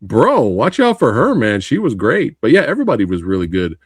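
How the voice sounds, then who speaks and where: Lively, excitable male podcast host. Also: medium pitch, fairly quick, breathy edge, dry recording, clean studio sound. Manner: excitable, laughs often, calls guest bro and dude. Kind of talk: casual interview chat.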